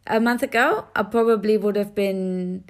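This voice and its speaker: A woman's voice: mid-range voice, moderate pace. An Australian woman co-hosting a podcast, speaking frankly and reflectively in a matter-of-fact way. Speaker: podcast co-host. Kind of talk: candid casual chat.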